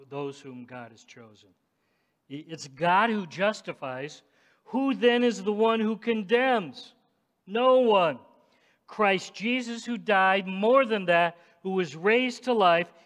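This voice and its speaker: A male pastor with a fairly high voice takes his time delivering a sermon, speaking emphatically and directly to the congregation. At moments he rises to shouts, and a long reverb rings through the large church hall.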